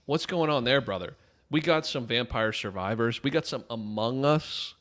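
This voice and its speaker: A man's voice: mid-range voice, expressive, normal speed, a bit bright. A man co-hosting a gaming podcast who talks bluntly and crudely in a brash, casual way. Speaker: podcast co-host.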